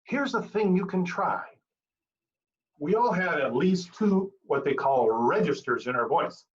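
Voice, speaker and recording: Animated man giving a humorous speech. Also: a little high, measured pace, dull audio. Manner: humorous, animated storytelling delivery. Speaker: Toastmasters speaker. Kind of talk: prepared club speech.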